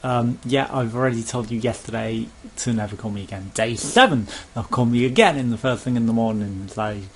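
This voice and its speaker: A man's voice: mid-range voice, fairly quick. A man in a casual rambling rant to camera, swearing freely and now and then mimicking pushy phone sales staff. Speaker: vlogger.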